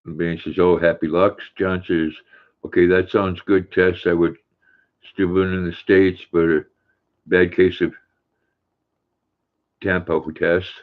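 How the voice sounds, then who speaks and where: A man's voice: low-pitched, little pitch movement, slow, pauses often. An older man hosting a livestream, reading viewer chat aloud in a folksy, chatty way. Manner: folksy, warm with his dog, chatty. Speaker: livestream host. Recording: tinny phone-like sound.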